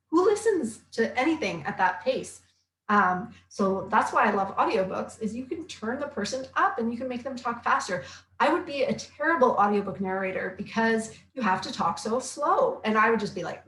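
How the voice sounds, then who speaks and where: A woman's voice: on the high side, a bit bright. Chatty woman in a roomy room. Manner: chatty and upbeat, quick asides, many fillers. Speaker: health coach and author. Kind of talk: casual live-stream chat, reading viewer comments aloud. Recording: roomy echo.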